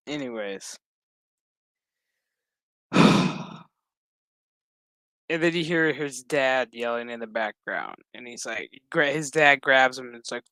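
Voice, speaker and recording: A man's voice: a little high, unhurried, pushed and bright, clean tone, no room sound. A man giving a loose, profane, rambling recap of a TV episode, full of fillers. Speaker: TV episode reviewer.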